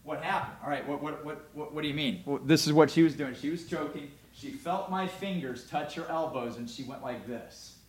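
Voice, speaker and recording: A man preaching a sermon in a conversational way, often asking "all right?", moving between loud emphasis and quiet, close talk. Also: a little high, normal speed, hardly any pauses. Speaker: pastor.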